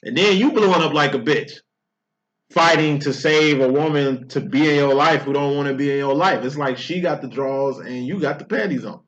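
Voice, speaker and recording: A man's voice: fairly high pitch, normal speed, a bit bright. Blunt, profane man reading cards. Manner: acts out quoted lines in a raised voice. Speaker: tarot card reader. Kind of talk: casual spiritual reading. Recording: dull lo-fi recording.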